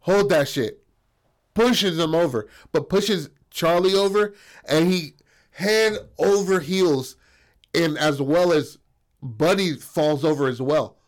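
A man telling a story in casual chat, profane and animated, acting out the voices. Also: a little high, slow.

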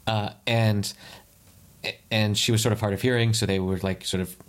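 A man's voice: fairly low pitch, fairly even intonation. A man in casual conversation who makes puns and tells a story with many restarts. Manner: wry, punning, halting storyteller. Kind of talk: casual chat and anecdote.

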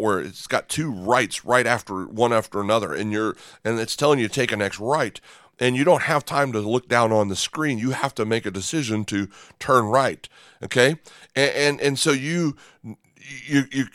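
A man's voice: mid-range voice, fairly bright tone, no echo, clean studio sound. A man preaching a sermon in a conversational way, often checking in with "okay?" and "right?" and repeating words as he starts a thought. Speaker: pastor.

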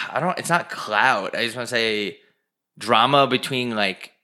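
A man's voice: mid-range voice, measured pace, pushed and bright. A young man co-hosting a podcast, talking in a blunt, offhand way and swearing casually. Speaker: podcast co-host. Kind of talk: casual chat.

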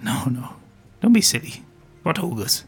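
A man voices his character Shrew at a tabletop game, speaking in pompous, theatrical adventurer bluster. His mid-range voice is gravelly with a breathy edge, sing-song and a little slow, and faint music plays in the background.

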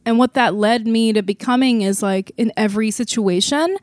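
A woman in her thirties telling a personal story on a podcast, animated and acting out the voices in it. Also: on the high side, normal speed, no echo. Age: 30s. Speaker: podcast host. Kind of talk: casual podcast chat.

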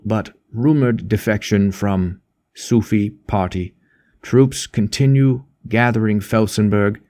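Audiobook role: man reading as a restrained young politician, low and mellow, curt. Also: lightly acted.

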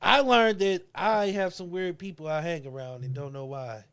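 Male podcast host, high bright voice, playful, jokey. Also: gravelly, clean tone. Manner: playful, joking, quick to laugh. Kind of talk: casual podcast chat with friends.

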